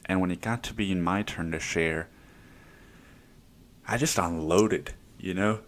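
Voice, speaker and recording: With a deep voice and a slightly slow delivery, a young adult man talks through personal stories on the podcast he hosts, keeping it casual, rambling, and full of swearing.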